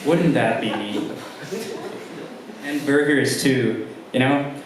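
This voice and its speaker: A young man doing a stand-up comedy set, talking haltingly with many ums and restarts. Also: mid-range voice, distant mic, a little hiss or hum. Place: comedy club room with a live audience. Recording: very roomy live room sound.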